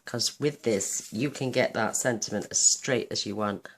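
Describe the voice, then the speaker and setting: A woman hosting a card-making tutorial, chatting enthusiastically while she works, her voice a little croaky. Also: a bass voice, normal speed, slight background noise. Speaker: craft channel host.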